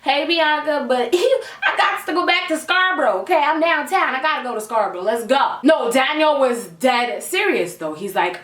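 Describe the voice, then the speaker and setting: Young woman, high voice, lively slangy storyteller, echoey room, mic a bit far off. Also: moderate pace, few pauses. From Canada. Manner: animated, slangy, acts out quotes. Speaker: vlogger. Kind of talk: storytime vlog.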